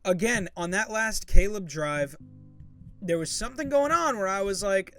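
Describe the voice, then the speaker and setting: A man's voice: sits high, moderate pace, fairly bright tone, faint music behind. A man co-hosting a sports podcast, making laid-back, confident predictions. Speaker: podcast co-host. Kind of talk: casual sports chat.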